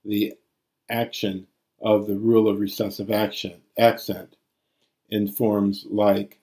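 A man's voice: lowish voice, level tone, slow, warm tone. A man teaching Greek grammar in a recorded lecture, reciting forms aloud.

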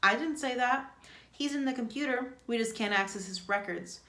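A woman reading aloud, voicing a brisk, authoritative male attorney general in an echoey room. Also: on the high side, sharp tone, voice pushed up. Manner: brisk, official.

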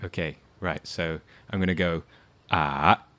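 Deep-voiced hesitant podcast host. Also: male voice, fairly even intonation, a little fast, no echo. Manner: hesitant, curious questioner with many fillers. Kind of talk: casual podcast interview.

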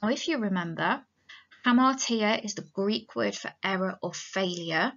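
A woman English teacher giving a recorded lesson, explaining calmly and reading a novel extract aloud. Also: mid-range voice. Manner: measured, explanatory. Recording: dull lo-fi recording.

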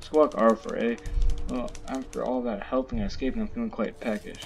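A man's voice: medium pitch, fairly even intonation, brisk, gravelly, lightly acted. A man voicing a pompous, bossy talking male seagull from a video game, with game music behind. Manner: haughty, bossy, reading dialogue aloud.

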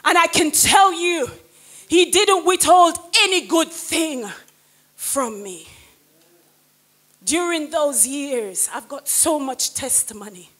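High-voiced woman preaching with fervor. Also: slow. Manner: impassioned, swings from hushed to shouted praise. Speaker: evangelist. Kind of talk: sermon with personal testimony.

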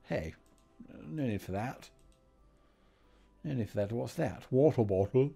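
A man playing a pompous, boastful old English gentleman, grumbling through a game. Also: medium pitch, lively intonation, a little slow, creaky, breathy edge, faint music behind, heavily acted. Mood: gruff banter. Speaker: game player. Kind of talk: comedic let's-play banter.

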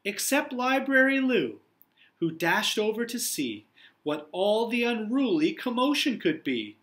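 Upbeat, lively man reading to children. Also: sits high, a little slow. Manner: encouraging, expressive storyteller. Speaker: teacher. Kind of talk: reading a picture book aloud to young children.

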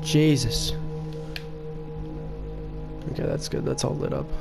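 A man giving casual gameplay commentary with excitable, cursing outbursts. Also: a little high, slow, gravelly, music in the background. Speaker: gaming video creator.

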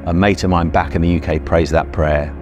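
A man's voice: deep voice, steady tone, a little fast, highs cut off, music in the background. A middle-aged British man earnestly telling a vivid personal story and acting out his own past thoughts. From Britain.

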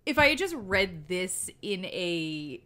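A woman's voice: lowish voice, sing-song, takes it slowly, sharp tone. A woman co-hosting a book podcast in casual chat, who laughs often. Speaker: podcast co-host.

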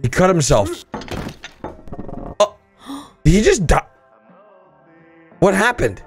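A man hosting a casual reaction commentary in an excitable way, often bursting into loud laughter and gasps. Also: sits high, slow pace, soft background music. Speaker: host.

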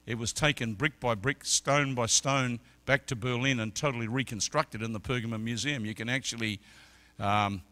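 A middle-aged man preaching a sermon as an evangelist, telling stories and swinging from quiet talk to loud shouted peaks. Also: mid-range voice, fairly even intonation, moderate pace. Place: church service.

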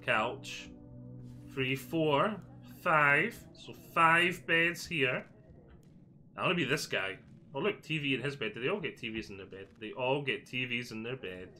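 A man's voice: mid-range voice, lively intonation, normal speed, pushed and bright, soft background music. A Scottish man giving a chatty, jokey walkthrough of a video game, thinking aloud as he goes. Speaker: gaming video creator. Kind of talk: casual game walkthrough commentary.

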